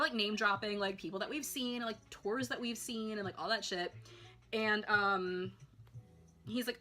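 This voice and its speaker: Bright-voiced chatty young woman vlogger. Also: medium pitch. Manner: chatty, filler-heavy, excitable. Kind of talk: casual storytime monologue.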